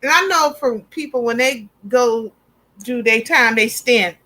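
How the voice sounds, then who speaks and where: A woman co-hosting a casual chat show, lively and chatty, often laughing and teasing. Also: a little high, a little slow, low-quality recording. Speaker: podcast co-host.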